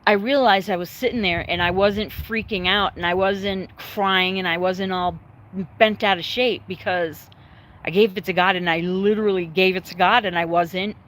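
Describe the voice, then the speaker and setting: A woman chatting casually to her viewers from home, rambling and candid, swearing freely, emotional yet calm. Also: medium pitch, normal speed. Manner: emotional but calm, choked up at times. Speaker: livestreaming vlogger. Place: at home, dogs in the yard nearby.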